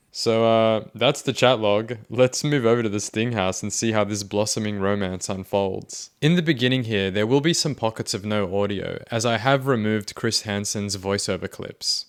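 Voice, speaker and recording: A man narrating a scripted video commentary in a measured, analytical way. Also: lowish voice, smooth.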